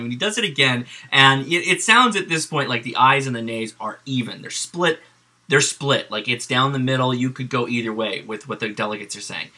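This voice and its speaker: Bright-voiced man chuckling through a retelling. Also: medium pitch, moderate pace. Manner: amused, chuckling retelling with fillers. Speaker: political vlogger. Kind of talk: casual commentary.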